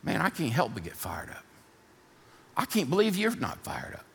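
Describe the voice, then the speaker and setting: A man preaching from a church stage, his voice gravelly with a bright, forceful edge. He swings between hard-driving shouts and a hushed prayer tone. The sanctuary adds a long reverb, and soft music plays faintly behind him. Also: a little high, huge pitch swings, normal speed. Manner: builds to fired-up shouting, then softer prayer. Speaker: pastor. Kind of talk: sermon.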